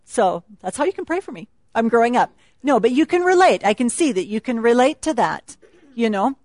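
A woman's voice: fairly high pitch, very animated, brisk, darkish tone, no echo. A woman speaking at a retreat, teaching a Bible passage in a chatty, laughing sermon style.

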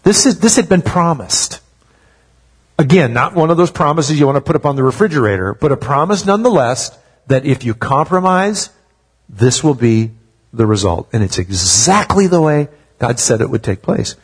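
A man's voice: fairly high pitch, lively intonation, moderate pace, slightly rough. A man preaching a sermon as a pastor, talking conversationally and asking the congregation rhetorical questions.

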